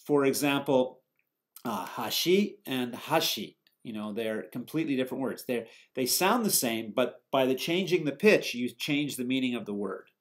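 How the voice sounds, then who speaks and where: A man teaching a lecture, explaining step by step in a steady way, with fillers and self-corrections. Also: medium pitch. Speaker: English teacher giving a lecture. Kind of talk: recorded lecture.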